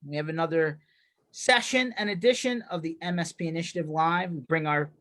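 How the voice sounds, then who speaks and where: A man's voice: a little high, fairly quick, a bit bright. A man hosting a live show, bantering in an upbeat, casual way over a video call. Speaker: host. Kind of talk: casual chat.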